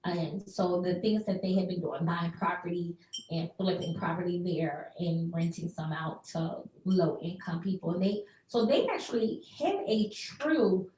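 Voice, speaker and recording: Woman radio host, mid pitch, chatty and expressive, slightly off-mic in an echoey room. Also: a little slow, far from the mic, a little hiss or hum. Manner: chatty and expressive, acts out quotes with laughs. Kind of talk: casual radio recap.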